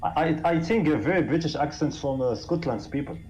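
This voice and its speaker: A man on voice chat speaking halting, broken English full of fillers. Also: on the high side, a little mellow. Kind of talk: casual voice-chat banter.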